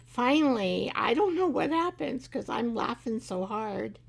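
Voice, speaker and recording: Slow, gravelly-voiced chatty woman. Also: a little high, big pitch swings. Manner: chatty, rambling, laughs often, talks to her craft. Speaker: craft show host. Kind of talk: live craft tutorial chat.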